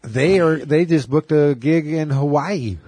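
Husky man joking in a dry room. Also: fairly high pitch, measured pace, dark tone, no room sound. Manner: joking, rambling, jumps into mock singing. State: a little stuffy. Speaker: co-host. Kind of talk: casual podcast chat.

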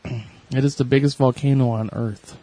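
A man's voice: mid-range voice, fairly even intonation, normal speed, warm tone, no echo. A man chatting casually with a friend, telling rambling stories in a laid-back way. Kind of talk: casual chat.

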